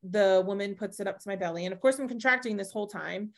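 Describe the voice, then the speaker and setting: A woman who is a podcast guest, telling a personal story in a casual, animated way with lots of fillers and laughter. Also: mid-range voice, fast. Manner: chatty, with many fillers and acted-out quotes.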